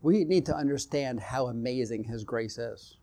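A man's voice: mid-range voice, normal speed, warm tone. A man preaching a sermon, retelling scripture stories and acting out the quoted exchanges, building in intensity as he goes.

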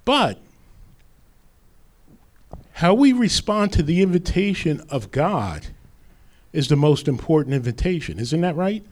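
A man's voice: fairly high pitch, big pitch swings, measured pace, pauses often, darkish tone. A man preaching a sermon as pastor, quoting scripture with rising emphasis.

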